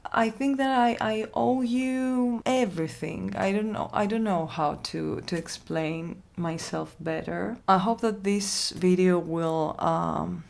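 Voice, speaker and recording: A woman ASMR host talking in a halting, heartfelt vlog, with a voice worn from illness and frequent restarts. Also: on the low side, gravelly. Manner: halting, repeats herself, soft laughs. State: losing her voice from illness. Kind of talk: emotional casual vlog talk.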